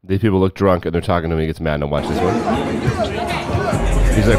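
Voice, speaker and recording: A man hosting casual sports commentary, sarcastic, jumping between loud bursts and low muttering. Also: fast, over loud music, over a noisy crowd.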